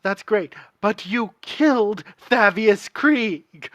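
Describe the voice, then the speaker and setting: A game master narrating a tabletop game in a relaxed way, with frequent fillers. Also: medium pitch, slow pace, no echo, lo-fi sound.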